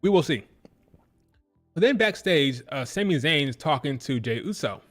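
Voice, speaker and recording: Male stream host, fairly high voice, animated and opinionated, hammers each point home by repeating it. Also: normal speed, faint music behind. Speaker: wrestling show reviewer. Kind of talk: live-stream commentary.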